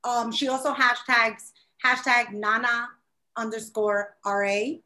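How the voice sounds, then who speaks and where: A woman co-hosting a podcast in casual chat, animated and quick to act out what others said. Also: a little high, low-quality recording. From Latin American family. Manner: animated, acts out quoted voices. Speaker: podcast co-host.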